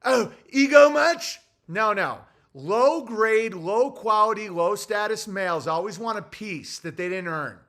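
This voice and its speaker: A man's voice: high voice, lively intonation, unhurried, few pauses, pushed and bright. A male comedian delivering a heated, blunt and sarcastic ranting monologue.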